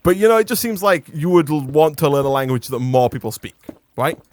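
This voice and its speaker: A man's voice: on the high side, expressive, a little fast. Laid-back English man ranting and laughing. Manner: laughs often, rambling mock rants. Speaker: gaming channel host. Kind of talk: casual gaming chat.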